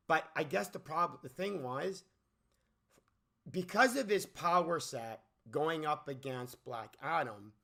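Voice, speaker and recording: A man's voice: medium pitch, gravelly, pushed and bright. A man hosting a movie commentary channel in an unscripted rant, rambling and restarting his sentences, asking incredulous questions. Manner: rambling, with many restarts and stammers.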